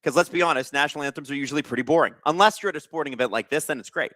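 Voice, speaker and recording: A man's voice: a little high, racing, sharp tone, no echo. A young man hosting a live watch-along stream, chatting casually and reading out viewer comments with jokes. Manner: chatty, reads viewer comments aloud, joking. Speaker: livestream host.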